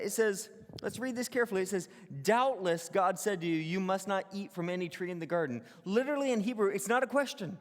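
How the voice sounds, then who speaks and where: A man preaching a conversational sermon as pastor, animated and casual, acting out the voices of the people he quotes. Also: high voice. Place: church hall. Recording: church hall with long reverb.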